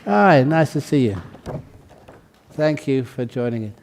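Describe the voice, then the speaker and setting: Slow, chatty man calling out names. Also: mid-range voice, expressive, a little mellow, a little hiss or hum. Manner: chatty, laughs between names. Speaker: Buddhist monk leading a ceremony. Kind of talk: casual, joking roll call of names. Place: large hall.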